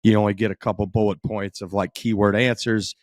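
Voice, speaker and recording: A laid-back man hosting a podcast, rambling a little with a wry edge. His voice sits on the low side. The recording is dry and close. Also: level tone, a little fast, no room sound. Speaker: podcast host. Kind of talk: casual chat and show intro.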